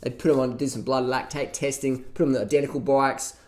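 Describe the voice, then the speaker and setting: A man's voice: medium pitch, fairly even intonation, fast, darkish tone. A man ranting casually and profanely, mocking others with laughs as he reacts to a documentary. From Australia. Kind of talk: casual rant.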